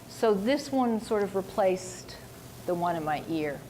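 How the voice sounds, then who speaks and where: A woman's voice: medium pitch, expressive, moderate pace, mellow. A woman novelist answers questions at a university seminar in a loose, chatty way. She is wry and self-mocking and slips into little voices for the people she quotes. A faint hiss sits under the recording. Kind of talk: casual talk answering audience questions.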